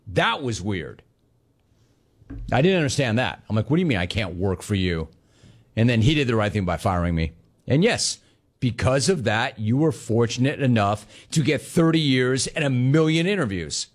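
Man, sports talk host, casual chat, joking riffs on viewer comments, mid-pitched voice. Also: very animated, moderate pace. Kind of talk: casual chat reading listener messages.

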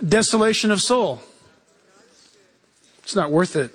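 A male pastor preaching a lively sermon, acting out quoted voices and chuckling as he goes. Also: high voice, normal speed, slight background noise.

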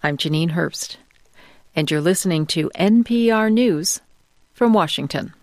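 A woman newscaster reading a scripted entertainment news item in a measured, crisp way. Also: lowish voice, dry recording.

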